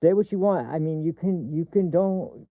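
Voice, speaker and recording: Male streamer host, fiery profane political rant, slightly high voice, dry tinny phone-like sound. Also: moderate pace, no echo. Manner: heated, profane ranting; repeats and restarts words mid-sentence. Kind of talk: political commentary livestream.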